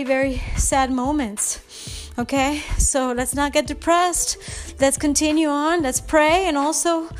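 A high-pitched woman hosts a fitness podcast, talking straight from the heart. She sounds upset and close to tears, earnest throughout. Soft music plays faintly in the background. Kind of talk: personal podcast monologue.

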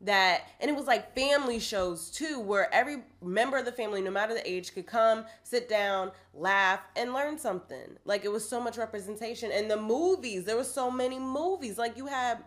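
A woman's voice: on the high side, normal speed, few pauses. A woman in her twenties, hungover, co-hosting a podcast in casual, slangy, laughing chat. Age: 20s. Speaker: podcast co-host.

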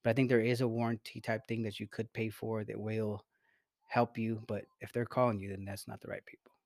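A man's voice: lowish voice, level tone, a little fast, a little mellow, no echo. A man co-hosting a podcast in casual, profane chat, rambling with many restarts. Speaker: podcast co-host.

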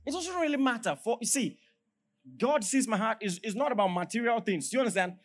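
A man with a Nigerian accent preaching a sermon as pastor, swinging between loud declarations and hushed storytelling. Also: very high-pitched, animated, quick pace. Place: large church hall.

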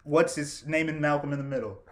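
A man's voice: on the high side, fairly quick. A young man hosting a casual podcast chat, telling stories in a chatty, joking way. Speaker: podcast host.

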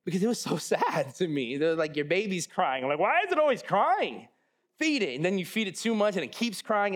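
A man with a notably high voice gives a sermon in a loose, conversational way. He jokes, stumbles over his words and restarts often, talking straight to the congregation. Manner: casual, joking, with many restarts and asides. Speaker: pastor.

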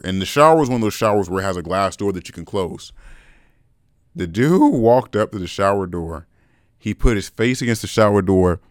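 A young man with a lowish voice hosts a podcast, chatting in a laid-back, frank way, speaking directly to his listeners and calling them bro. The recording is dry with clean studio sound.

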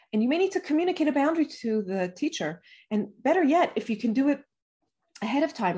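Gentle woman coaching parents. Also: a little high. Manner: gentle, soothing, pausing to feel her emotions. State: emotional. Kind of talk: reflective talk to parents.

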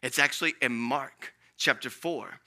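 A male pastor preaching a sermon, swinging between hushed lines and loud emphatic ones, acting out the voices in the story he tells. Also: a little slow. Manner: preaching with dramatic swings of loudness and pitch, acting out quoted voices.

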